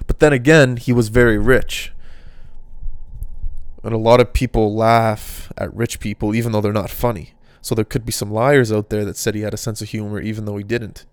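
A man's voice: fairly low pitch, flat delivery, moderate pace, clean tone, no echo. A man hosting a casual solo podcast, rambling through off-the-cuff thoughts. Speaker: podcast host.

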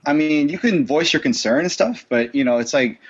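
A man's voice: fairly high pitch, lively intonation, fairly quick, breathy edge, no echo. A young man in casual conversation who rambles with many fillers and talks bluntly, swearing freely. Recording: dull lo-fi dry sound.

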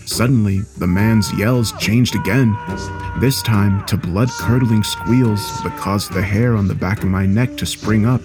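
A man with a fairly low voice narrates a horror story. His delivery is steady and measured, with soft music faint behind him.

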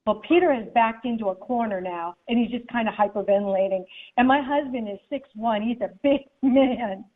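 A woman's voice: on the high side, normal speed. A woman, a guest author, telling a personal story in an interview and acting out the people in it. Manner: animated, acts out the people in her story. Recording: tinny phone-like line.

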